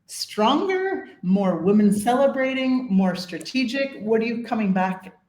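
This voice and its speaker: A woman's voice: on the high side, expressive, a little slow, darkish tone. A Canadian woman hosting a casual interview, playful and fond of jokes. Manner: playful, joking, chatty. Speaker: interview host. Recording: echoey room.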